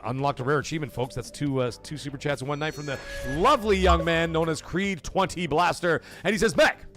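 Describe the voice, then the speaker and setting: A man hosting a gaming livestream, ranting in a casual, animated way with big jumps in pitch and loud bursts, swearing freely. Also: quick pace, soft background music.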